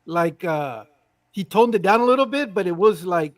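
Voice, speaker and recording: A man in his fifties tells a story during casual chat, his voice sitting high and his speed normal. He's animated, acting out the voices of the people involved and swearing casually.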